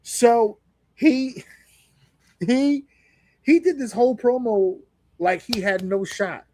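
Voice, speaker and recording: A man co-hosting a podcast in casual wrestling talk, animated and profane, acting out quotes in exaggerated voices. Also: very high-pitched, slow pace, long pauses, slight background noise. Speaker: podcast co-host.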